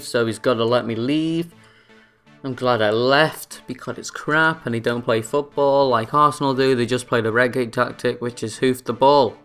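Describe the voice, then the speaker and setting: A man's voice: mid-range voice, fairly bright tone, clear, resonant tone. A young man giving jokey, boastful commentary over his own gameplay. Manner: boastful, joking self-narration. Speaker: gaming YouTuber.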